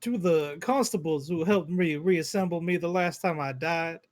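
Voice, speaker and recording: A man voicing a scheming male mind-maker trapped in a stolen body, reading his letter aloud in a put-on Southern US accent with measured, formal delivery. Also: a little high, close to an everyday voice. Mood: formal, confiding.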